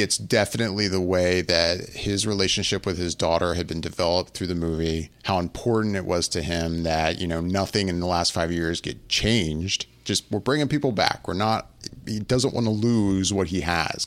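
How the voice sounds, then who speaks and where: A man's voice: sits low, normal speed, a bit bright, no echo. A man hosting a podcast, chatting casually and rambling, with many fillers and restarts. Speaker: podcast host. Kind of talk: casual chat.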